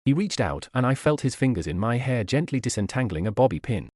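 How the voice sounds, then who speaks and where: A man narrating an audiobook in an expressive, wry manner on a studio mic. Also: mid-range voice, a little fast, dry recording.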